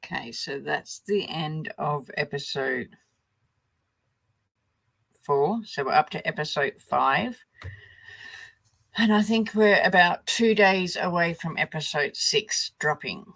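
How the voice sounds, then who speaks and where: Brief: older Australian woman, livestream host, slow delivery, bright yet gravelly tone. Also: deep voice, no echo, rough recording. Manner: relaxed, rambling, lots of fillers. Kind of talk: casual livestream chat.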